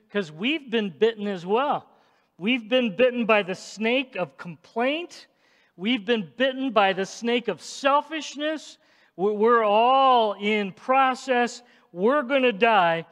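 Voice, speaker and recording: A male pastor preaching an emphatic sermon in a church, swinging between loud declarations and hushed asides. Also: sits high. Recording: long hall reverb.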